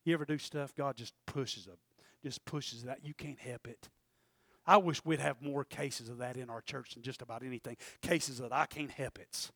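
Gravelly, bright-voiced preaching man. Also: mid-range voice, fairly even intonation, moderate pace, dry recording, clean studio sound. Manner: impassioned, swinging from shouts to hushed asides. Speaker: pastor. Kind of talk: sermon. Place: church sanctuary.

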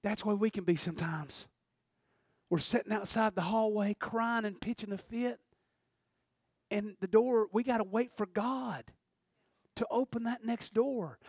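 A male preacher delivers a fervent sermon in a strikingly high voice. He swings between shouted bursts and hushed, storytelling stretches. The sound is dry, with no room around it. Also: measured pace, slightly rough, no echo.

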